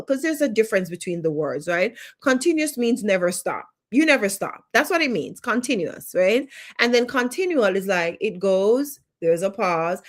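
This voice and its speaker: Woman coach, Jamaican accent, live online lesson; emphatic, builds points through repetition. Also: mid-range voice. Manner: emphatic, repeats phrases for effect. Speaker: life coach.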